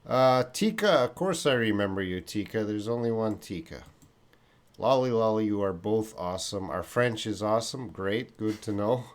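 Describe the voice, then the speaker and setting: A man's voice: on the low side, lively intonation, moderate pace. A Canadian man hosting a casual English-learning live stream, reading viewer comments aloud. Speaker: host.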